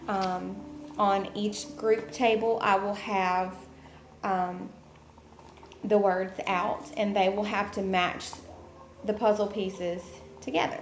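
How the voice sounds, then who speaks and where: Young woman, education student presenting a lesson plan; slow and halting, lots of ums; echoey room. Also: medium pitch, steady tone. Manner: halting, many ums, explains step by step. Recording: echoey room with faint noise.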